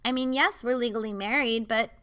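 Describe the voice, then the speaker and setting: Young mom vlogger, bright and crisp voice, earnest and confiding. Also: female voice, on the high side, fairly quick. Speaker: mother and vlogger. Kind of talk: candid personal vlog talk.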